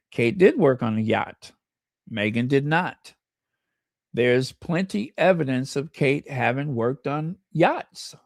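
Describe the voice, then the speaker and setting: An American channel host speaks slowly and emphatically in a livestream. The voice is gravelly, with a pitch that swings widely. The sound is dry and close. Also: dry recording. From United States. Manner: impassioned and emphatic, reads viewer comments aloud. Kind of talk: livestream commentary.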